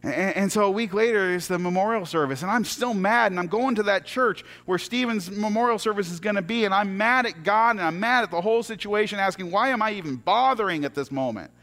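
A middle-aged man telling a personal story as a sermon, earnest and halting, often restarting his words. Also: sits high, lively intonation, fairly bright tone.

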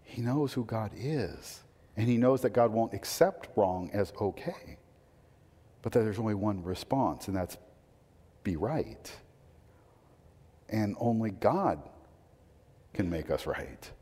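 A man preaching a sermon, moving between hushed, intimate lines and loud, emphatic proclamations. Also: fairly low pitch, lively intonation, slow pace, pauses often, breathy edge. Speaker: pastor. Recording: long hall reverb.

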